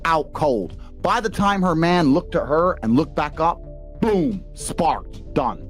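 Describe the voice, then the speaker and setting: A man's voice: on the high side, animated, slow, soft background music. A middle-aged man with an English accent, a former fighter telling stories in casual chat, blunt and profane. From England. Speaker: podcast guest, former kickboxer.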